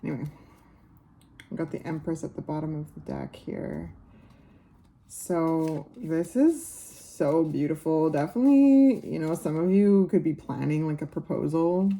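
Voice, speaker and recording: A woman giving a casual tarot reading to camera. She muses unhurriedly, uses many fillers and speaks warmly to her viewers. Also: deep voice, a little slow, slight background noise. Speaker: tarot reader.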